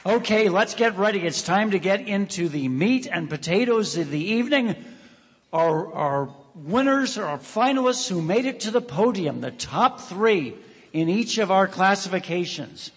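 A man's voice: high voice, animated, a little slow, slightly rough. A man hosting an awards ceremony, telling a playful joke story to a live audience in a large hall. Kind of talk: joking emcee remarks to an audience. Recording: reverberant hall sound.

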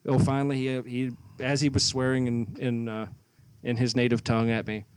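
A man's voice: medium pitch, monotone, brisk, a little mellow, clean tone. A man co-hosting a podcast, telling a story in casual chat and acting out both sides of an argument. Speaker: podcast co-host.

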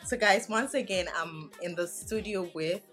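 A woman's voice: fairly low pitch, moderate pace, fairly bright tone, faint music behind. A young woman hosting a podcast in a studio, talking in a bold, giggly way and asking blunt questions. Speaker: podcast host. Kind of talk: candid casual chat.

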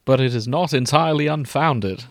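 A man's voice: medium pitch, normal speed, dry recording, voice pushed up, close to an everyday voice. A man voicing a stern elderly male engine designer with a clipped, theatrical English delivery. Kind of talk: comedic fanfic reading.

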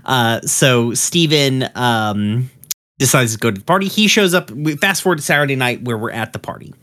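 A man's voice: mid-range voice, lively intonation, moderate pace, bright, forceful tone. A man casually recapping a cartoon episode, rambling with many fillers and curse words. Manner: rambling, full of ums and uhs, profane.

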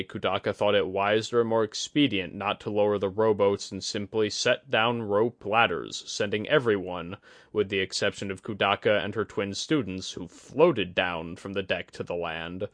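A man narrating a fantasy audiobook in a steady, even reading voice. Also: fairly low pitch, no echo.

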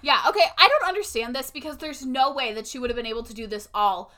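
A woman's voice: high voice, fast talker, bright, forceful tone. A woman co-hosting a podcast, making wry, skeptical remarks about a movie in casual chat. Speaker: podcast co-host.

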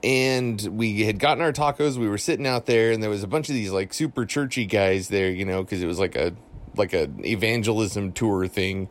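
A man's voice: on the low side, normal speed. A young man telling a spooky story from his childhood in a loose, rambling way, full of fillers and restarts. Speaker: listener calling in a story. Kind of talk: casual spoken ghost story.

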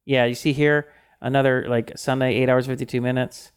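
A man's voice: mid-range voice, little pitch movement, fairly quick, clear, resonant tone. Rambling male podcast co-host. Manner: rambling, full of fillers and restarts. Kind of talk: casual chat.

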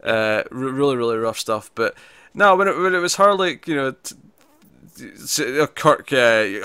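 A man co-hosting a podcast, chatting casually about a TV episode in an animated, rambling way and breaking into quick impressions. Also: mid-range voice, clean tone, dry recording. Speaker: podcast co-host. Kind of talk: casual chat reviewing a TV episode.

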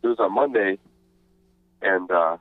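A man's voice: sits low, unhurried. A male caller telling a meandering, overly apologetic comic story over the phone. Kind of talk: rambling comic call-in story. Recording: tinny phone line.

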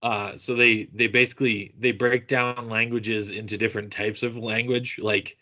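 A laid-back man chats on a podcast, easygoing and quick to laugh along. His voice is bright and forward. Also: fairly low pitch, flat delivery. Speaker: podcast co-host. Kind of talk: casual chat.

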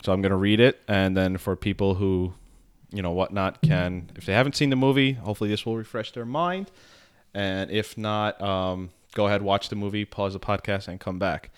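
A man's voice: lowish voice, steady tone, normal speed, clean tone. A man hosting a podcast, talking casually and rambling with many fillers. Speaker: podcast host.

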